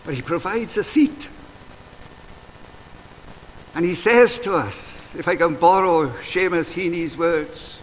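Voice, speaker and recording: A man giving a slow, reflective devotional talk and prayer while out on a walk. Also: on the high side, big-room sound, slight background noise, poor audio. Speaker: preacher. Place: outdoors on a walk.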